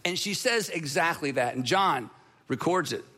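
A male pastor with a high, ringing voice preaches with earnest emphasis. He leans into repeated phrases, then falls to a near hush for effect. His tone stays bright and forward throughout. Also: expressive, normal speed. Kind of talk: sermon.

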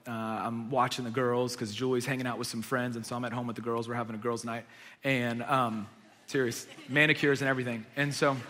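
A man in his thirties, a pastor giving a sermon, telling a family story and swinging from hushed asides to loud emphatic preaching. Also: mid-range voice. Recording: long reverb of a large hall.

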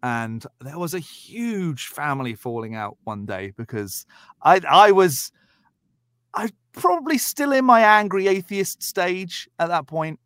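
A man's voice: high-pitched, expressive, measured pace, a bit bright, smooth, no echo, studio quality. A man from the south of England with a Southern English accent, telling stories animatedly as a podcast guest and acting out quoted voices. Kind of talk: casual storytelling chat.

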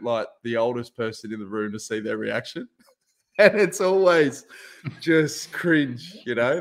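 A man hosting a podcast, chatting in a laid-back, jokey way. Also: mid-range voice. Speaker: podcast host. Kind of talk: casual chat.

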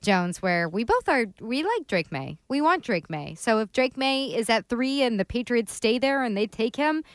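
A woman's voice: fairly high pitch, very animated, moderate pace, hardly any pauses, no echo. A woman co-hosting a sports talk show, easygoing and conversational. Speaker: sports radio co-host.

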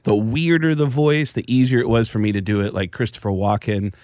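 A male comedian in a studio telling lively stories, quick and animated, dropping into voices as he goes. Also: fairly low pitch, no echo. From the Bronx, New York. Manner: lively, fast, slips into voices mid-story. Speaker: comedian and voice actor guest. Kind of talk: animated storytelling chat.

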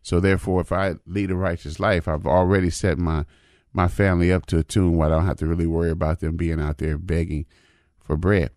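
In a casual storytelling monologue, a fifties-aged man spins homespun tales from his life, repeating himself and peppering in "man" and "you know what I mean." His low, slightly mellow voice stays level and moves a little fast, captured in clean studio sound with no room.

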